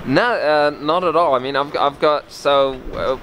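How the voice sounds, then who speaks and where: A man's voice: a little high, a little slow, very noisy. A male student answering a street interview, thoughtful and explaining at length.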